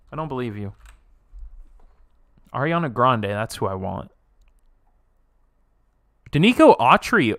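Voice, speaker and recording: A young man live streaming, reacting and reading chat aloud in an excitable way, laughing often and swearing casually. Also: mid-range voice, measured pace, long pauses, no room sound, clean studio sound.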